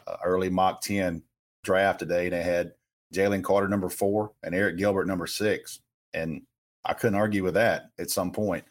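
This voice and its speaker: A man with a very low voice co-hosts a casual sports talk show. He speaks emphatically and conversationally, with frequent fillers, and mixes his analysis with personal stories.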